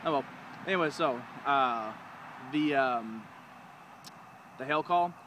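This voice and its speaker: A man's voice: medium pitch, slow pace, sharp tone. Casual man teaching outdoors, traffic behind. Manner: rambling, informal, demonstrates calls with sounds. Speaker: duck calling instructor. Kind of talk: casual how-to video.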